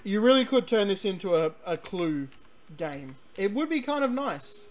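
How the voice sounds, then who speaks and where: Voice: medium pitch, sing-song, normal speed. A game streamer giving rambling, chatty let's-play commentary, full of ums and restarts, sometimes reading on-screen text aloud.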